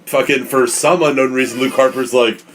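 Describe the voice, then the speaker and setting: A man's voice: mid-range voice, fairly even intonation, a little fast, fairly bright tone, slight background noise. Hesitant casual podcast man. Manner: hesitant, casual, short agreements. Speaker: podcast co-host. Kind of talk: casual wrestling podcast chat.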